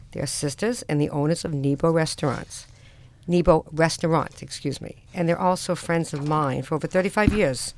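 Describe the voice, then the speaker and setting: A middle-aged woman with a Boston accent, hosting a radio talk show in a chatty, joking way. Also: sits low. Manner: chatty, jokey, teasing. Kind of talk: casual chat.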